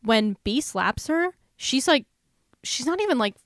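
A young woman co-hosting a casual book podcast, animated and exasperated, laughing often and talking with lots of fillers. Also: sits high, a little slow, no room sound, studio quality. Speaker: podcast co-host. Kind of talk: casual book-club chat.

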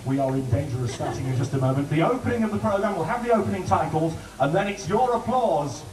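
A man doing joking warm-up patter for a TV studio audience. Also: fairly high pitch, fast, few pauses, distant mic, noisy background. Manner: chatty, joking, lively. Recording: roomy studio heard from afar with audience.

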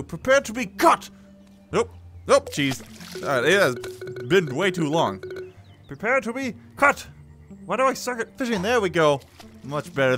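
Excitable high-voiced man playing a game. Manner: excitable, playful, laughs often and talks to the fish. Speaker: gaming video host. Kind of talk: playing a VR fishing game with running commentary.

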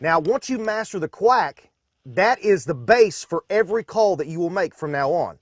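A man's voice: high-pitched, animated, normal speed, no echo, clean studio sound. A man from Arkansas, demonstrating duck calls in a folksy, instructional way from a duck blind.

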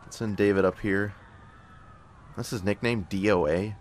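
Young male let's-play host, very low voice, joking asides to his squad, faint hiss behind. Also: fairly even intonation, moderate pace. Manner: joking, talks to his soldiers. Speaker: gameplay commentator. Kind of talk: casual let's-play commentary.

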